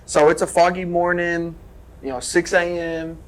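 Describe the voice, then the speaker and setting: Animated storytelling man, higher voice. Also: moderate pace. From Tennessee. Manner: animated, lively storyteller with sound effects. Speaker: guest, former wrestler. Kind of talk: casual storytelling.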